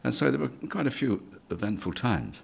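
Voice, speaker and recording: A man's voice: medium pitch, sing-song, brisk, creaky, slight background noise. An older man from England, a guest in an interview, telling stories from his early career in a chatty way with frequent chuckles. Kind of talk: reminiscing interview.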